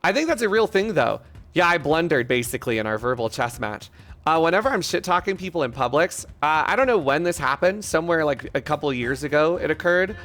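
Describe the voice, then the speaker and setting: A man's voice: fairly high pitch, animated, a little fast, a bit bright. A man streaming live, joking crudely and rambling in banter with his chat.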